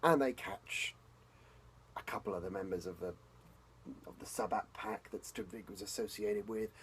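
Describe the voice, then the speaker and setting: A man speaks a spoken role-play journal in character as a vampire, with a lowish voice. He swears freely and keeps sinking into tense, hushed whispers. A faint hum of ambience sits under his voice. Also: poor audio. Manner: intense, profane, drops to hushed whispers. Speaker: tabletop role-player.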